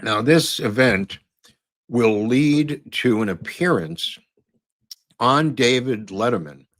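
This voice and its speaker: A man's voice: medium pitch, animated, slow pace, fairly bright tone, dry recording. A man hosting a podcast, talking casually over photos and clips in a rambling way with many fillers and restarts. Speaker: podcast host.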